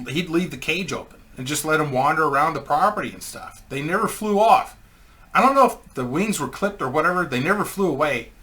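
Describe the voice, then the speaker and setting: A man's voice: mid-range voice, bright, forceful tone. A man telling a rambling, crude comic anecdote in a casual way, laughing at his own story.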